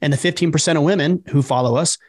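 A middle-aged man in casual podcast conversation, his voice sitting a little high. He speaks with conviction and punches his points home, animating quotes of other people. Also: fast talker. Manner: emphatic, animated when quoting others. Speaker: podcast co-host.

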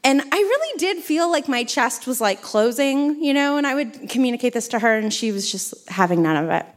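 A woman with a slightly high voice tells a self-mocking story to a live audience, animated and chatty. She fills her telling with "like" and "you know" as she builds the joke. Her stage mic catches her close and clear. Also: brisk. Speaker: podcast co-host.

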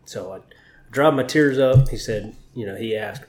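A man's voice: medium pitch, moderate pace, darkish tone. A man sits with an interviewer and talks through his stories in a candid, emotional way, swearing as he goes. His voice sits in the middle range for a man. The room around him gives it a roomy echo. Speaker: interview guest, Navy chief. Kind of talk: conversational storytelling.

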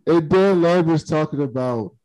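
A man's voice: fairly high pitch, moderate pace, poor audio. A man co-hosting a podcast in casual chat, retelling a story and often laughing as he talks. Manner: animated retelling of a conversation. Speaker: podcast co-host.

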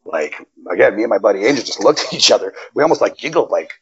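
A man guest on a wrestling interview, telling stories in a casual, profane and animated way, his pitch jumping up when he gets excited. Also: quick pace, muffled recording, slight background noise. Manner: animated, profane storytelling with sudden jumps in pitch. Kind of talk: casual storytelling chat. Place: Nevada.

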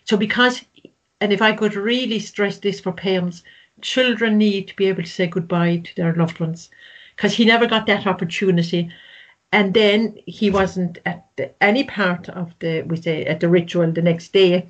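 A woman, a grief counsellor recounting a case in an interview, earnest and gentle. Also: mid-range voice, steady tone, moderate pace. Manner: earnest, gentle, acts out quoted voices. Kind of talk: storytelling in an interview. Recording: slightly dull, lo-fi sound.

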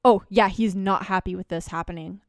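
Young woman, podcast co-host, casual recap, swears a lot, smooth voice. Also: medium pitch, steady tone, fairly quick, darkish tone, dry recording, clean studio sound. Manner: chatty, swears freely, acts out quoted lines. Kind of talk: casual chat recapping a musical.

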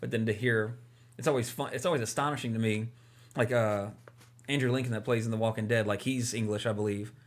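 A man's voice: fairly low pitch, fairly even intonation, quick pace. A man co-hosting a casual movie podcast, talking enthusiastically and rambling with lots of fillers. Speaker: podcast co-host.

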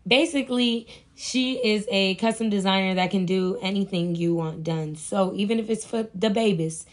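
A woman's voice: mid-range voice, moderate pace. Brash hyped woman podcast host. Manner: brash and hyped, swears freely. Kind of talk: casual podcast chat.

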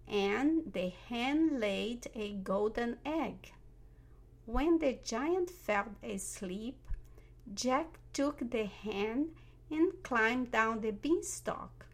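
Slow, deliberate woman reading a fairy tale. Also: a little high, fairly bright tone. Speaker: narrator. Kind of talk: storybook narration.

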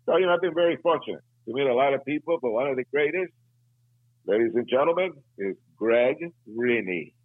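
A man's voice: medium pitch, expressive, a little fast, dry recording. A man from Italy, a guest on an interview show, speaking with effusive, heartfelt praise. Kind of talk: casual interview chat. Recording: tinny dry phone-like line.

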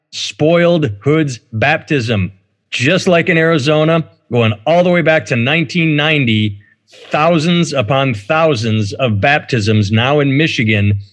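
A man hosting a casual comedy podcast, reading news stories aloud and riffing on them with sarcasm. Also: medium pitch. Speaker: podcast host.

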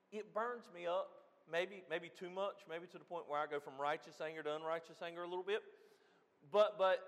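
A high-voiced pastor preaches, moving between loud, emphatic declarations and quiet asides. The long reverb of a large hall rings through his sermon.

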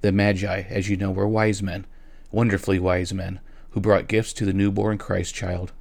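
A man narrating a story aloud in a gentle way, at times speaking directly to his listeners. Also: deep voice, flat delivery, normal speed, creaky, no echo. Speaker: reader.

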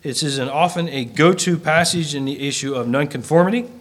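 A man preaching in an earnest, fairly high voice. He reads scripture in measured phrases and climbs in pitch and volume when he drives a point home. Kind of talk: sermon.

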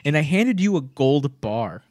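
Animated young man telling stories. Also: on the high side, a little slow. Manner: animated storytelling, acts out imagined dialogue, laughs often. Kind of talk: casual chat among friends.

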